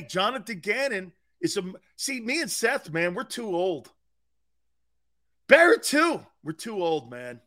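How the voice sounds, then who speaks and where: An older man hosting sports talk radio, telling brash, profane stories with shouted quotes. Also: high voice. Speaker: radio show host.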